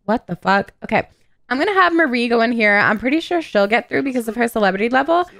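Brief: gossipy woman streamer, higher voice, swooping and animated. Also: fast talker, creaky. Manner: excitable, gossipy and profane. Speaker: gaming YouTuber. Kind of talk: casual gameplay commentary.

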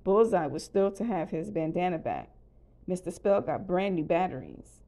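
A woman reading a children's storybook aloud in a calm, even way. Her voice is on the lower side and has a warm, mellow tone. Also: normal speed. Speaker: storybook reader. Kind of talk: children's read-aloud narration.

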